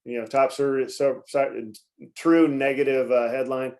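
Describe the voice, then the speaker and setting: Male market-commentary host, loose and chatty, throat-clearing and coughing, lots of fillers, computer mic. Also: medium pitch, little pitch movement, unhurried, a little mellow. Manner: rambling, many fillers and self-corrections. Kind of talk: casual live market commentary.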